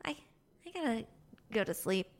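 A woman's voice: fairly high pitch, big pitch swings, moderate pace. A woman co-hosting a podcast in casual chat, giggly and chatty as she tells stories. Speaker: podcast co-host.

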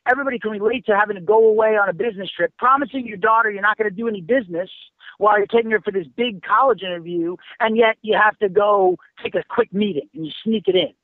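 High-voiced man on a tinny line. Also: animated, quick pace, dry recording. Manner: profane, rambling storyteller with many fillers. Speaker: screenwriter and writing teacher. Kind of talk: casual podcast conversation.

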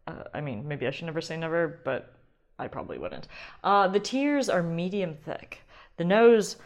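A woman hosting a wine podcast alone, talking casually and excitably and often sidetracking herself. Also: on the low side, moderate pace. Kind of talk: casual solo wine talk.

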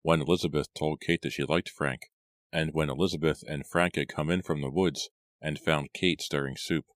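A man narrates an audiobook in a measured, even way, his voice extremely deep and low. The recording is close and dry, with no room sound. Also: dry recording. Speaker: audiobook reader.

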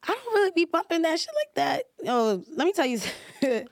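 A woman, a guest in a casual chat, laid-back and blunt and quick to laugh. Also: very high-pitched, sing-song, no echo, studio quality. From New York. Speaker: guest, social media personality.

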